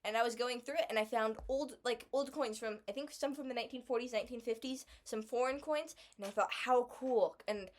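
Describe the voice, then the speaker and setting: A young woman co-hosting a casual podcast, chatty and quick to laugh while reading old headlines. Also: fairly high pitch. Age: young adult. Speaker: podcast co-host.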